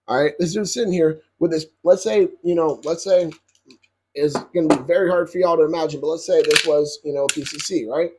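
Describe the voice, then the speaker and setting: A young man with a husky, slightly raised voice tells a range story straight to his viewers. He swears freely, gets animated and keeps asking "you feel me?". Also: fairly high pitch, fairly quick. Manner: profane, animated, addresses viewers directly. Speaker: YouTuber telling a story. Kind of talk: casual storytelling to camera.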